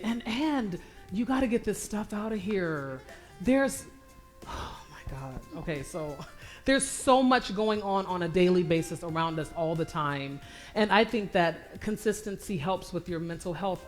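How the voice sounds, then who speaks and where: A woman business coach answering questions at a church event, acting out her prayers and repeating phrases for emphasis. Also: lowish voice. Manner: animated, acts out her own prayers and inner dialogue. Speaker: guest speaker, business coach. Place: church sanctuary, live stream.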